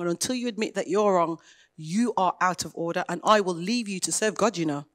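A woman pastor, preaching a sermon in a conversational way and retelling dialogue with lively emphasis. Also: lowish voice.

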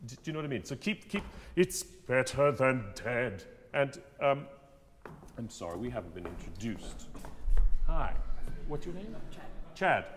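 A man's voice: medium pitch, normal speed, pauses often, slight background noise. A man leading a singing masterclass, coaching a student and acting out lines as he goes. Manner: animated, demonstrates lines by half-singing them. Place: theatre stage. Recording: long hall reverb.

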